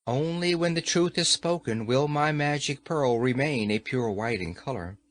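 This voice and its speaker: A man's voice: mid-range voice, normal speed, dry recording, close to an everyday voice. A man voicing a stately, powerful sorceress who speaks sternly and with authority. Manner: stern, commanding.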